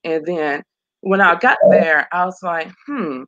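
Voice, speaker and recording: A woman's voice: fairly low pitch, steady tone, measured pace, a bit bright, highs cut off. Earnest woman sharing her story. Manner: earnest, repeats phrases, breaks into laughs. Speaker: program graduate guest. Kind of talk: emotional personal testimony.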